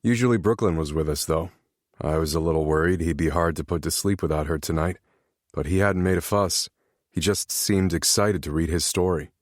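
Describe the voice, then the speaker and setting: A man narrating a romance audiobook in a calm, even storytelling voice. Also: low-pitched, a little fast, no echo, studio quality.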